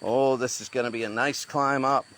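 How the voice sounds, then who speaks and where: A man's voice: mid-range voice, fairly even intonation, normal speed, fairly bright tone. A man vlogging as he hikes through the jungle outdoors, thinking aloud as he goes. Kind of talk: talking to camera while hiking. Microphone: handheld phone.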